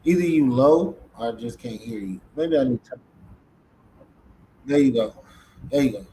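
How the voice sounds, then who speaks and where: A man's voice: medium pitch, lively intonation, normal speed, dark tone, slight background noise, poor audio. A man hosting a casual live-stream podcast in a laid-back way, often repeating his words. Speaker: podcast host.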